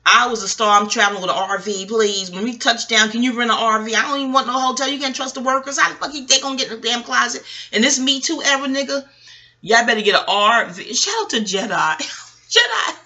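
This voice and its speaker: A woman's voice: fairly high pitch, fast. A woman vlogger at home, talking in a rambling casual monologue full of profanity and laughter as she reviews reality TV. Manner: profane, animated ranting with frequent laughs.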